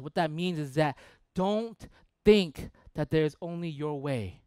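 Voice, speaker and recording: A young man preaching a sermon as pastor, animated and playful, acting out the voices of people he quotes. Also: on the high side, slow pace, few pauses, smooth, no echo.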